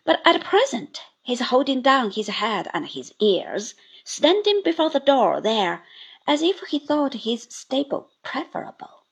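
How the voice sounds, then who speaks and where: A woman reading the part of a brisk, fond elderly aunt with crisp, emphatic lines. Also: sits high, big pitch swings, heavily acted. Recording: dull lo-fi recording.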